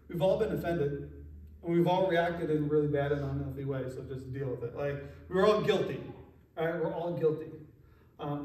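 A man's voice: on the high side, dark tone. A male pastor preaching a casual, joking sermon in a conversational way. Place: church sanctuary. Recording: echoey room from a distance.

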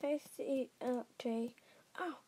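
A woman voicing several characters in a homemade stop-motion film, in a halting, improvised delivery with frequent restarts. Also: high voice, steady tone, mellow, slight background noise, poor audio. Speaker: maker voicing all characters.

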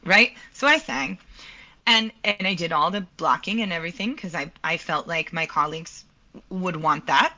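A woman in her thirties, an opera singer, tells stories from her career in an animated way during an interview. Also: on the low side, moderate pace. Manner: animated, laughs often, acts out quoted lines. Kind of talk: storytelling in a podcast interview.

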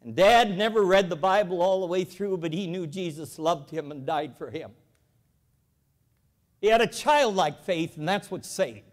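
At an evangelical convention, a former bank president speaks at a moderate pace in a high, lifted voice. His folksy stories and forceful appeals to the crowd echo with the long reverb of the large auditorium.

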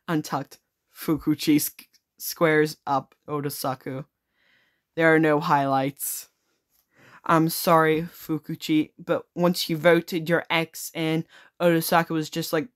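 A woman's voice: sits low, level tone, slow pace. A woman playing a simulator game, reading on-screen text aloud and reacting with frequent swearing in casual commentary. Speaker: gaming video creator. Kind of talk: casual let's-play commentary.

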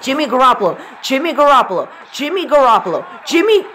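A young man gives live reaction commentary on a football game, swearing, exasperated, and ending nearly every phrase with "bro." His very high, sharp voice swings widely in pitch at a moderate pace, with a little hiss or hum behind it.

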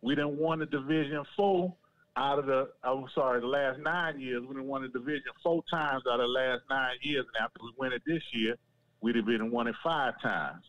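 A man calling in to a sports show, arguing slowly and insistently over the phone. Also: medium pitch, a bit bright. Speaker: caller. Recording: muffled distant phone line.

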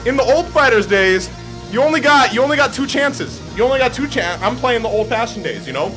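A young man giving chatty gameplay commentary, explaining his own mistakes and breaking into excited shouts at his opponent. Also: very high voice, fairly quick, over music. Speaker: gaming YouTuber.

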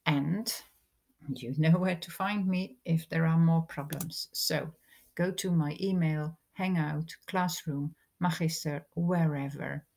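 A woman's voice: sits low, fairly even intonation, creaky, a little mellow. A woman, a teacher patiently explaining English grammar in a recorded lesson. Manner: slow, patient explaining with examples.

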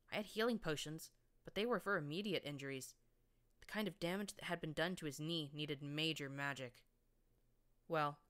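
A woman's voice: low-pitched, fairly bright tone, clear, resonant tone. A woman reading a fan fiction audiobook in the first person, with a wry, sardonic tone. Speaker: audiobook narrator.

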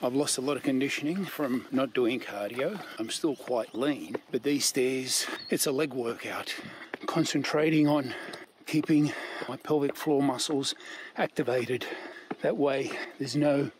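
A man talks to the camera while climbing stairs outside by the water, out of breath but enthusiastic, puffing between phrases. His voice sits at an ordinary middle pitch, and a faint outdoor hum runs under it. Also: a little slow. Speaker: fitness vlogger. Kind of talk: casual vlog narration while exercising.

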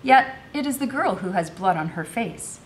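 A woman's voice: mid-range voice, animated, normal speed, slight background noise, lightly acted. A woman reading a novel aloud, voicing a tired, formal male army colonel. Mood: weary. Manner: weary, formal.

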